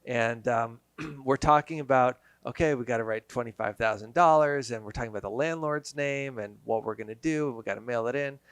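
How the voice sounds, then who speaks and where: A man who is a guest on a podcast, telling a casual story in an animated way and acting out quotes. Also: medium pitch, a little fast, clean tone, dry recording. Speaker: guest, business owner.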